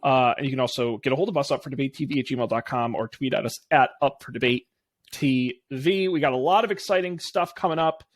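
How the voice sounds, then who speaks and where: A man's voice: medium pitch, brisk. A man co-hosting a podcast in casual chat, upbeat and jokey, wrapping up with plugs for upcoming episodes. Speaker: podcast co-host.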